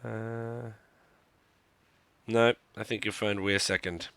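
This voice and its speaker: Deep gravelly man streaming a game. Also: steady tone, takes it slowly, fairly bright tone, no echo. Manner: wry, joking, self-mocking. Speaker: gaming streamer. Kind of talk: live gameplay commentary.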